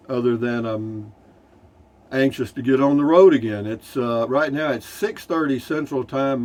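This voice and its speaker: Sitting in his Class C motorhome, an older man from Texas reads through viewer comments, folksy and rambling, tossing in dry jokes. His voice is medium-pitched and a little mellow, with a Texan accent.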